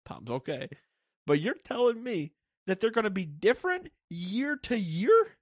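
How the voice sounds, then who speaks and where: Man, casual gaming chat, swearing rant, lively up-and-down pitch, dry close sound. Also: a little slow, dry recording. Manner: animated, profane, mock-ranting. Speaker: podcast co-host. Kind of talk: casual comedic chat about games.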